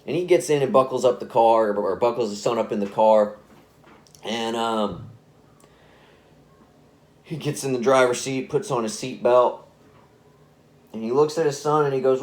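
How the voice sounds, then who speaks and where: A man's voice: mid-range voice, normal speed, pauses often. A man telling a spooky story in a casual, rambling way, often correcting himself. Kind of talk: spoken scary story narration.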